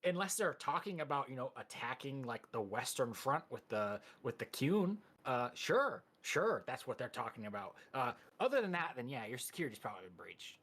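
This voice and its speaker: Sarcastic dude at the game table, pitch jumping all over. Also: male voice, big pitch swings, moderate pace, few pauses, fairly bright tone. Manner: sarcastic, dry. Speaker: player. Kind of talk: tabletop role-play.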